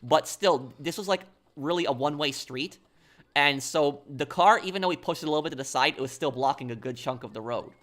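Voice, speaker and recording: A man's voice: on the high side, a little fast, fairly bright tone. A man from New York telling a long story on a stream, rambling and restarting his sentences. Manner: rambling, repeats himself, restarts often.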